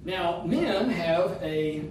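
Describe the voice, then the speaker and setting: Man, preacher, sermon, high voice, emphatic half-sung delivery, heavy echo, faint hiss. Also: animated, very slow, darkish tone. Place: church sanctuary. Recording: distant mic in an echoey room.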